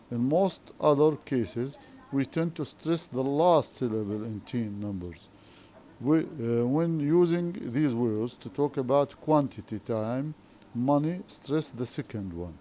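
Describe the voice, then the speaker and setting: Slow-talking male English teacher, Arabic accent. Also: mid-range voice, warm tone, slight background noise. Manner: slow, repetitive, frequent questioning tags. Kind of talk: classroom lesson explanation.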